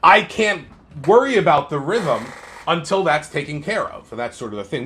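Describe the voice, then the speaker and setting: A man streaming his guitar practice live, counting beats aloud in a slow sing-song and talking through how each run felt. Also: a little high, sing-song, a bit bright, slight background noise. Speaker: guitar teacher practicing on a livestream. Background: guitar playing.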